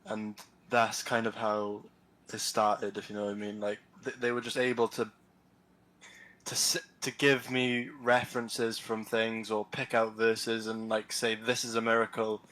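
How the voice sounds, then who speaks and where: Guy on a call, kinda low voice, real flat delivery, keeps stumbling and restarting. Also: rough recording. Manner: hesitant, halting, many fillers and restarts. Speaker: caller, convert recounting his experience. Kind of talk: casual online call.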